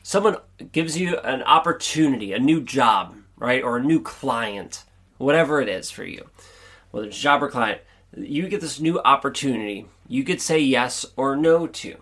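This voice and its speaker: A man's voice: mid-range voice, expressive, moderate pace, a bit bright, husky. A man hosting his own podcast and giving an upbeat, earnest, chatty pep talk. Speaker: podcast host. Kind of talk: motivational solo podcast monologue.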